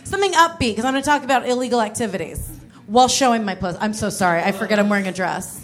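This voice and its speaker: A woman's voice: mid-range voice, racing. A woman in her thirties doing a stand-up set on a comedy club stage, candid and self-mocking, with laughing asides. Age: 30s. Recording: live band music behind.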